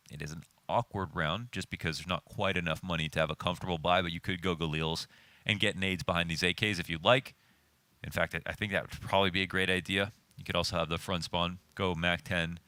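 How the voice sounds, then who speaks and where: Low-voiced guy doing esports analysis, bright and punchy, chatty, explains every angle. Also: steady tone, quick pace, no room sound. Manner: chatty, explains tactics at length. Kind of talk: colour commentary.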